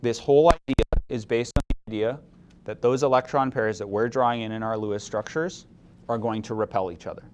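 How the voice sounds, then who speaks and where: There's a little hiss or hum as a man with a medium-pitched voice teaches chemistry fairly quickly. Explaining each step, he quizzes the class and lets some mild opinions show.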